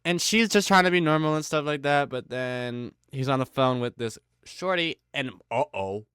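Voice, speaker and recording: A man's voice: mid-range voice, lively intonation, moderate pace, a bit bright, smooth, no echo, studio quality. A young man giving a casual, rambling, wisecracking recap commentary, full of slang. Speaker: commentary host.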